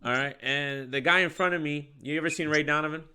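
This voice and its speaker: A podcast host from Michigan in the United States tells a story in casual chat, his fairly high voice quick and smooth. He's animated, acting out the voices of the people involved and laughing often.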